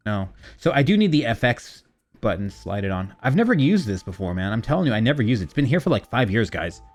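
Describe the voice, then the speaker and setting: A man's voice: medium pitch, sing-song, fairly quick. A young man streaming, chatting casually in a rambling, profane, self-mocking way while fiddling with his mixer. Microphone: desk mic through a streaming mixer.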